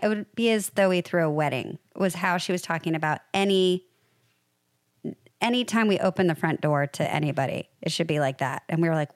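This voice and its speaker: A woman in casual chat, telling stories in an animated, rambling way. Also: on the low side, brisk, no echo, clean studio sound.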